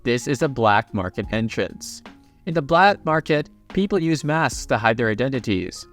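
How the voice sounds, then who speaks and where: A man's voice: medium pitch, lively intonation, moderate pace, fairly bright tone, soft background music. A man narrating a story recap in a casual, chatty way with playful asides.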